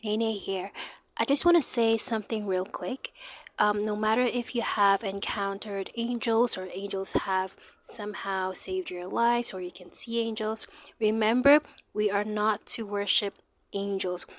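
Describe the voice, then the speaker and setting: A woman host giving a casual faith talk, quoting scripture with filler pauses. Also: mid-range voice, fairly even intonation, no echo.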